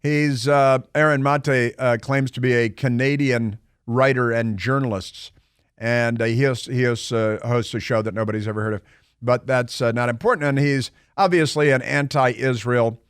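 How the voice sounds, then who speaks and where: A man's voice: mid-range voice, steady tone, normal speed, clear, resonant tone, no room sound. A man hosting a talk radio show, delivering a combative, sarcastic monologue full of mocking rhetorical questions from a radio studio. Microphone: studio microphone.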